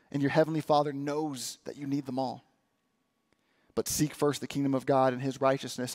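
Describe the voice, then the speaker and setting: A man preaching a sermon, praying and reading scripture in an earnest, lively way. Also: a little high, no echo, studio quality. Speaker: pastor.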